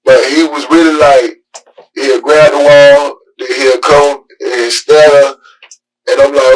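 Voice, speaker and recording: Husky man, distant and rambling. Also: medium pitch. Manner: halting, rambling, filled with "like". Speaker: father questioned by police. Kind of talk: police interview.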